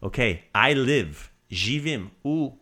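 A man co-hosting a podcast, patiently teaching a friend Croatian phrases in a casual lesson and repeating them slowly. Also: medium pitch, lively intonation, pushed and bright.

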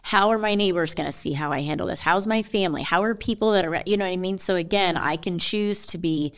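A woman's voice: on the low side, fast. A middle-aged woman telling a personal story as a podcast guest, earnest and emotional, with rambling sentences. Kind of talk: candid personal conversation.

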